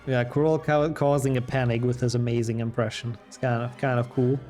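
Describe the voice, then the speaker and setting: A man's voice: mid-range voice, a little fast. Man chatting casually during a game stream. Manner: reads and answers chat while playing, relaxed and chatty. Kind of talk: casual live-stream chat over gameplay. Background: game music.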